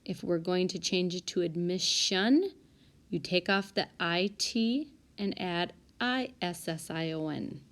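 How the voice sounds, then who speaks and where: A woman's voice: on the low side, a little slow. A woman teacher talking through spelling word sorts over a whiteboard app, calling out each word and its group and now and then correcting herself. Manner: sorting words aloud, stopping to correct herself. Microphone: tablet mic, voice-over.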